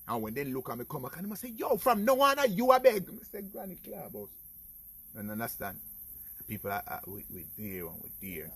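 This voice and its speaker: A middle-aged Jamaican man telling his own life stories in a casual vlog, animated and talking to his viewers as "people". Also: fairly low pitch. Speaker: vlogger. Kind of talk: casual storytelling.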